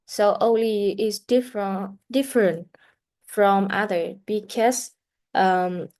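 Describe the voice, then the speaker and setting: A woman leads a pronunciation lesson in a slow, deliberate way. She models sounds carefully for learners to repeat, and her voice sits at a middle pitch. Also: fairly even intonation, a little mellow. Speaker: English teacher.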